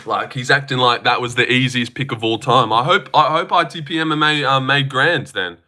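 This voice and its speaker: Bright-voiced male streamer, ranting and teasing. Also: mid-range voice, brisk. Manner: animated, sweary, teasing chat and reacting. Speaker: livestream host. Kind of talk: casual livestream chat.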